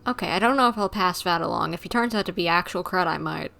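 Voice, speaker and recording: A woman's voice: on the low side, vocal fry, sharp tone, a little hiss or hum. A woman streamer reading and commenting casually over a video game. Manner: casual, quick asides. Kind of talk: casual let's-play commentary.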